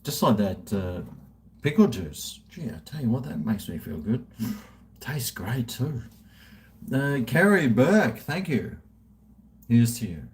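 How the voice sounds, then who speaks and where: Drinking and talking to himself, a man in his late fifties hosts a casual, rambling livestream from indoors at home, chatty and self-deprecating. His medium-pitched, a little mellow voice is very animated yet slow, with frequent pauses.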